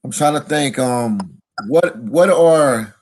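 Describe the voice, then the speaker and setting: A man's voice: mid-range voice, lively intonation, takes it slowly, a little mellow. A man interviewing a guest in a casual chat, often stopping and restarting his questions.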